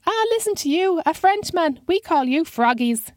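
A woman voicing a wild-eyed, touchy old man with a high-pitched voice and indignant outbursts. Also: big pitch swings, normal speed, no room sound, studio quality. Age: older.

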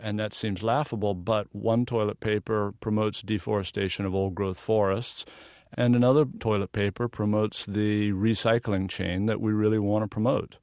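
Middle-aged Southern-born man, low voice, dry studio sound, earnest interview guest. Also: level tone, normal speed, darkish tone, no room sound. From American South. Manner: earnest, explanatory, laughs easily. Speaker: photographer guest. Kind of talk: radio interview.

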